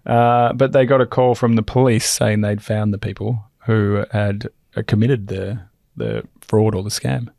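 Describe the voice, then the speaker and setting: A man's voice: lowish voice, steady tone, a little slow, gravelly, hardly any pauses, darkish tone, no echo. Easygoing man explaining finances. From Australia. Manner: easygoing, explanatory, dry humour. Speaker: podcast co-host, financial planner. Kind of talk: casual chat.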